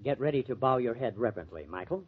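An actor playing a glib, fast-talking press agent in a 1940s radio drama. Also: male voice, medium pitch, expressive, husky. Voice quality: glib, coaxing. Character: breezy, fast-talking male press agent, young adult. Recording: muffled old radio recording.

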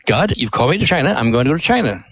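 A man's voice: mid-range voice, sing-song, very fast, a bit bright, no room sound. A man voicing a young man in a story who argues with God and pleads to go his own way. The voice is raised and insistent. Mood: pleading.

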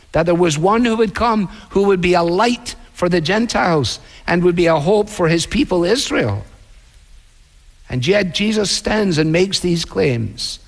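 A male pastor delivering a sermon in a measured preaching manner, slowing down to act out quoted voices. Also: high voice, long reverb tail.

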